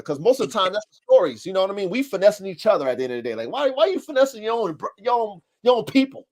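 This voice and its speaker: A man in his thirties hosting a casual podcast chat, animated and slangy, with blunt profanity and acted-out customer quotes. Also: high voice, very fast, few pauses. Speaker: podcast host. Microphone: live-stream call setup.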